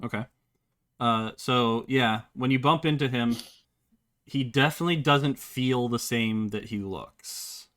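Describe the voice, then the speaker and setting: Man game master, halting speech, lots of ums and restarts, medium pitch. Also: a bit bright. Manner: hesitant, many fillers and restarts. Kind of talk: running a tabletop game, casual.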